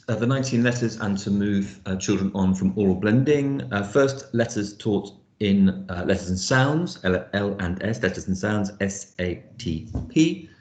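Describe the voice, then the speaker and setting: A man teaching trainee teachers in an online lecture, thoughtful, sounding out words slowly. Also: lowish voice, darkish tone, echoey room.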